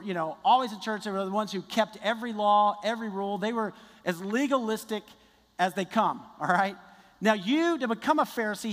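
A man preaching a sermon in a conversational, animated way, often restarting his sentences. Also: high voice. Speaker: pastor. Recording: long reverb of a large hall.

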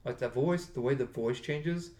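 A man's voice: mid-range voice, moderate pace, darkish tone. Rambling man in an echoey room. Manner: rambling, self-correcting. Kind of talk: casual chat. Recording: roomy echo.

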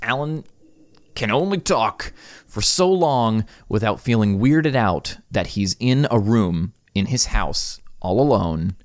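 Male podcast host, young adult, lowish voice, loose filler-heavy delivery, dry home recording. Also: lively intonation, slow, no room sound. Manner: casual, rambling, many fillers. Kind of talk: solo podcast chat. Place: room in his house. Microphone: studio microphone.

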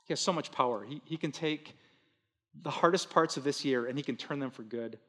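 A man pastor preaching a sermon in earnest, swinging between loud emphatic bursts and hushed soft lines. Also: medium pitch, fairly quick, breathy edge, big-room sound.

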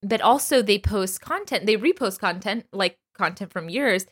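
A woman's voice: medium pitch, expressive. A woman hosting an interview who lays out the background before she asks her guest a question. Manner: measured, explains her context before asking a question. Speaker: interviewer, host.

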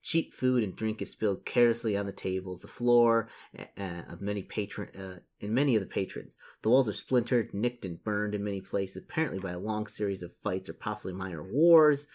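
A man's voice: lowish voice, brisk, a little mellow. A man casually reading a solo gamebook aloud, stumbling over and correcting words and adding chatty asides. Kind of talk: casual gamebook read-through.

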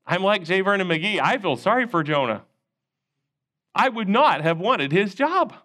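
A man's voice: high voice, big pitch swings, moderate pace, bright, forceful tone. A man teaching a Sunday school class, telling a personal story in an earnest, conversational way with frequent restarts. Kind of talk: storytelling church lesson. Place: church classroom.

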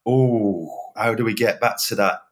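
A man with a Northern English accent hosts a relaxed podcast chat. He rambles in a low voice and often circles back over the same phrases. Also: moderate pace. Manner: rambling, repeats his phrases. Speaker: podcast host. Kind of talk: casual chat.

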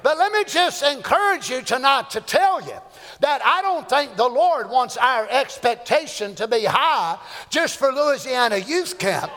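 A man's voice: very high-pitched, animated, unhurried, bright, forceful tone. A man preaching a fervent, folksy sermon in a church. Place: church sanctuary. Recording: echoey church hall.

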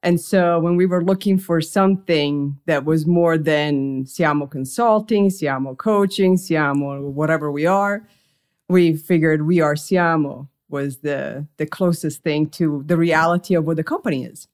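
Female interview guest, deep voice, thoughtful founder explaining her work. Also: measured pace, a little mellow. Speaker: podcast guest, company founder. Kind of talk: interview answers.

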